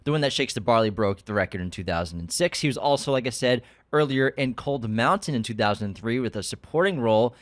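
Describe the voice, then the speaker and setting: A man's voice: medium pitch, quick pace, hardly any pauses, no echo. Podcast guy rattling off movie facts and years, medium voice, dry close mic. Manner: runs through facts and dates in a steady listing way. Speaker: podcast co-host. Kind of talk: casual film discussion.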